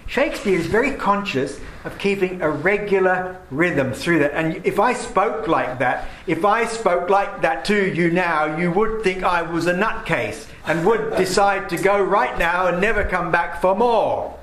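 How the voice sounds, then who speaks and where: A man lectures a class on poetry, reading lines of verse with heavy, deliberate emphasis on the stressed words. His voice sits a little higher than most men's. The room is echoey, with a faint hum of ambience behind him. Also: a bit bright. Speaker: teacher.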